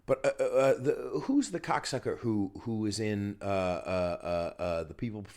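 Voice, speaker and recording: A man's voice: lowish voice, animated, normal speed, darkish tone. A man hosting a solo podcast, ranting and riffing with lots of profanity while getting over a cold. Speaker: podcast host. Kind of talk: solo comedic podcast rant. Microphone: filming himself on camera.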